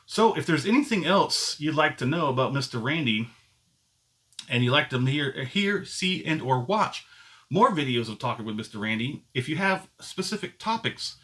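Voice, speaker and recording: A man's voice: fairly high pitch, expressive, normal speed, sharp tone. A middle-aged man hosting his own channel, telling a story to camera in a loose, rambling way that keeps correcting itself. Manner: rambling, self-correcting talk. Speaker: channel host.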